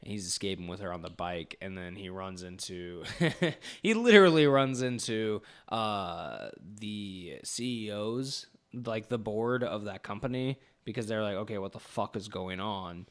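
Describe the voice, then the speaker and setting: A man's voice: on the low side, animated, measured pace, clean tone. A young man co-hosting a podcast, rambling through a movie plot in casual chat, swearing and acting out the characters' lines. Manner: rambling, swearing, acts out scenes with laughter. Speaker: podcast co-host.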